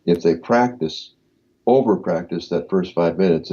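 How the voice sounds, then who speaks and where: Deep, dark-voiced man explaining calmly. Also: highs cut off. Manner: measured, explanatory, frequent fillers. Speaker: guest. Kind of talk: conversational interview answer.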